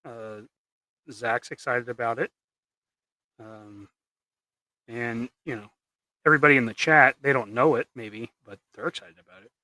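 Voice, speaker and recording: With a steady tone and measured pace, pausing often, a man talks to his stream viewers as he paints custom action figures. His medium-pitched voice is pushed and bright without echo, and he rambles, jokes, and restarts a lot.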